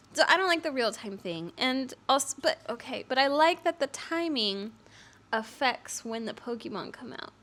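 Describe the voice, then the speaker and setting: Young woman, gaming vlogger, animated and rambling casual rant, voice a little high. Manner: animated, rambling, self-aware and expressive. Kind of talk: casual couch-talk rant.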